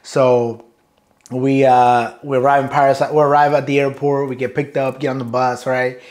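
A man's voice: mid-range voice, little pitch movement, moderate pace, darkish tone. A man, a Marine sergeant major telling loose, profane stories from boot camp in a casual interview, often laughing. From Brooklyn, New York.

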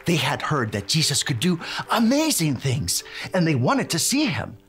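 A woman's voice: low voice, huge pitch swings, normal speed. A woman playing a cheerful handyman who teaches a children's Bible lesson, cheering and tossing in Spanish words.

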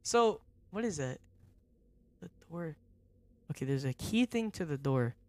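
Jumpy, excitable young male gamer. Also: a little high, a little slow, dry recording. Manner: jumpy and excitable, repeats himself, slangy; drops into a whisper when tense. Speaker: streamer. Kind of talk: live gaming commentary.

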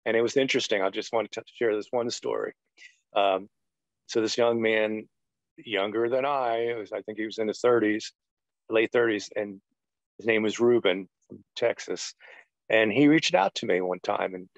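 A man's voice: on the low side, moderate pace, vocal fry, no echo. A middle-aged man, a retired pastor, giving a personal testimony in an interview, rambling earnestly with lots of "you know". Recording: dull, dry lo-fi sound.

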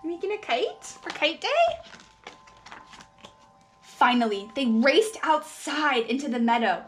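A woman preschool teacher reads a picture book aloud to young children, expressively, stopping to ask them questions. Her voice sits high, and a little hiss or hum runs under the recording.

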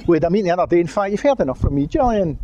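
A man's voice: high-pitched, big pitch swings, racing, muffled recording, noisy background. An older Glaswegian man, a former head teacher, telling anecdotes and urging his audience in a talk. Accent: Scottish, Glaswegian. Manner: storytelling, acts out quotes, urging.

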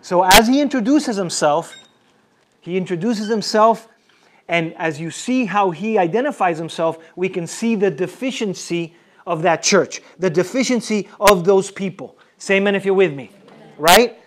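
A pastor with a high, light voice delivers an emphatic sermon. He repeats his phrases and calls for responses from the congregation. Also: moderate pace. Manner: repetitive, emphatic.

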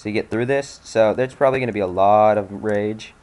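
A man's voice: lowish voice, a little fast, a little mellow. A young man giving casual commentary on a game he is playing, sarcastic and swearing, with sudden frustrated outbursts. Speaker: let's play gamer.

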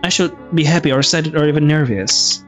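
A man plays through a story game, reading the on-screen text aloud. His voice sits slightly high, and he stumbles and restarts words now and then. Soft game music runs faintly in the background. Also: fairly quick. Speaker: let's play gamer. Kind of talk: reading a visual novel aloud with commentary.

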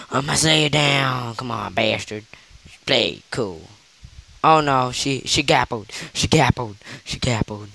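A man's voice: mid-range voice, slow pace, gravelly, bright, forceful tone, rough recording. A teenage male gaming host reacting live to his mobile game with gasps and repeated exclamations, speaking loosely with shaky grammar. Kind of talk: live gameplay commentary. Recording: faint hiss.

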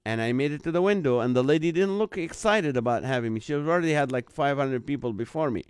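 This Middle Eastern host of a live online show spins a funny story at a fast clip, voicing other characters in a jumped-up, animated way. His mid-range voice sounds clear and resonant, with no room sound.

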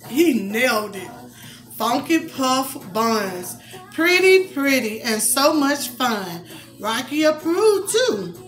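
A woman, reading a picture book aloud to her young child in a soft, coaxing way, with asides. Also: a little high, sing-song, takes it slowly, soft background music.

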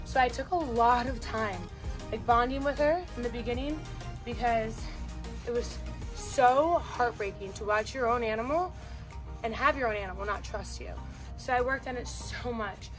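Chatty young woman vlogging over soft music. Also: on the high side, normal speed. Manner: chatty, talks to her horses in a bright coaxing voice. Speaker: vlogger and horse owner. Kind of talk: casual vlog while grooming a horse. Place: outdoors and in a barn with horses.

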